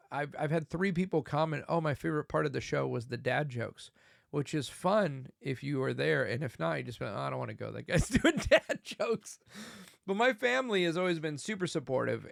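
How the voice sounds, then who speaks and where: A man's voice: medium pitch, vocal fry, no room sound, clean studio sound. A man in his thirties hosting a solo comedy podcast, telling a silly bit and cracking himself up with laughter. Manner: giggly, breaks into laughter while telling a bit. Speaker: podcast host.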